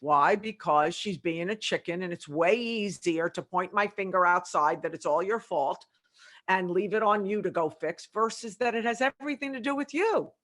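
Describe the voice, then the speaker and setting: A woman's voice: mid-range voice, moderate pace. A middle-aged woman, a leadership consultant, talking in a podcast interview and acting out conversations as she tells stories. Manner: animated storytelling with quoted dialogue.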